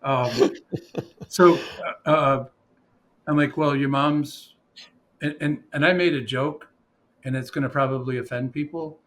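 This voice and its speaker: A man's voice: medium pitch, fairly even intonation, unhurried, pauses often, a bit bright. A man telling a story in casual conversation, rambling with fillers and restarts and quoting what others said to him.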